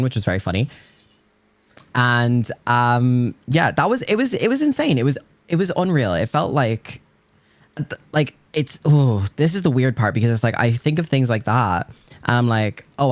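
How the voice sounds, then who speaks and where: A man's voice: medium pitch, no echo. An Irish man, a drag performer, chatting casually and rambling with self-mocking humour. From Ireland. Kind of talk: casual chat.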